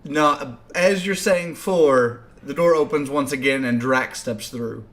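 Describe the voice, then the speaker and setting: A man narrating a tabletop game as game master, casual and halting, laughing often. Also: mid-range voice, a bit bright.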